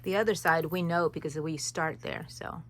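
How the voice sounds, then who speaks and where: A woman with a deep voice and a moderate pace hosts a crochet tutorial. She guides viewers through each stitch in a casual, rambling way, sprinkling in chatty asides.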